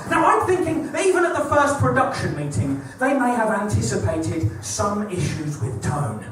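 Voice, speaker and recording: A man's voice: sits high, very animated, normal speed, few pauses, fairly bright tone, a little hiss or hum. A man performing stand-up comedy live in a small club, with a wry, ironic delivery and repeated setups. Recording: echoey room, mic at a distance.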